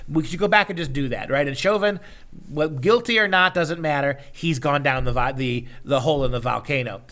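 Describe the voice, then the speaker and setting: A man's voice: a little high, fairly quick, pushed and bright. A man hosting a casual opinion talk show, joking in a sarcastic, mock-serious way. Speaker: show host and education lecturer.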